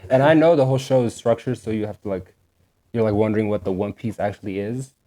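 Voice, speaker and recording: Young male podcast co-host, dark mellow tone, rambling animated casual chat. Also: on the low side, fast talker. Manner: animated, rambling, heavy use of "like".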